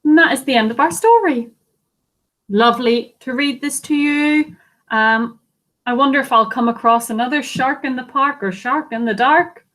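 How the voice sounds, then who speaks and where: A woman teacher reading a picture book aloud to children, animated and asking them questions. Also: sits high, moderate pace. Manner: animated, asks listeners questions. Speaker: primary school teacher.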